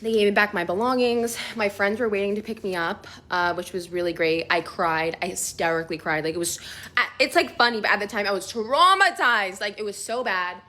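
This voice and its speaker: A young woman telling a casual storytime vlog, chatty and animated, full of filler words, swearing and laughter. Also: mid-range voice, fairly quick.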